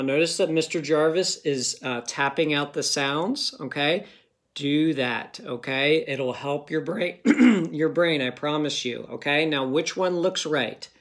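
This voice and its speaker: Slow patient guy teaching kids phonics, sounds out every word, says okay a lot. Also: a little high, a bit bright. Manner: patient, repeats "okay?" often, sounds words out slowly. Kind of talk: phonics lesson for children.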